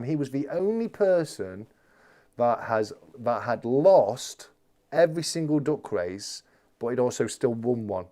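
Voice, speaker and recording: A man's voice: medium pitch, warm tone. A man hosting a live stream, reading viewer comments aloud in a chatty, jokey way and calling people mate.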